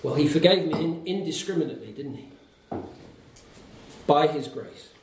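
A man's voice: fairly high pitch, expressive, moderate pace, darkish tone, a little hiss or hum. Echoey, distant male preacher. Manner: emphatic, rhetorical questions, numbered points. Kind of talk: sermon. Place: church hall with congregation. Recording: very echoey hall, picked up from afar.

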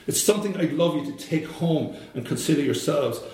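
A man preaching a sermon, slow and emphatic, repeating phrases for weight. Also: fairly high pitch, lively intonation, a little mellow. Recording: very echoey room.

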